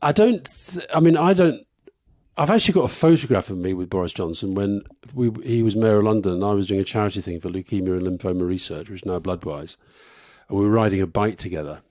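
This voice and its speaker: Middle-aged male podcast co-host, low-ish, dry, close sound, wry storyteller. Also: expressive, fast, a little mellow, no room sound. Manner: anecdotal, wry storytelling with laughs. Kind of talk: live podcast conversation. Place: live stage event.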